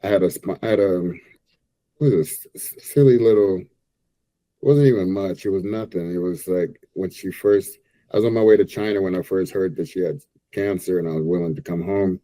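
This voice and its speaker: A man in his fifties, a guest on a podcast, telling a personal story slowly and reflectively. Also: low-pitched, warm tone, no echo, rough recording. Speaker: guest, retired bodybuilder. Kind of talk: interview storytelling.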